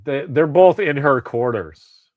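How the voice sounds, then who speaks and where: A man's voice: on the high side, takes it slowly, a little mellow, no echo. Man, podcast co-host, casual rambling chat, cursing, very dry sound. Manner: swearing, rambling with restarts.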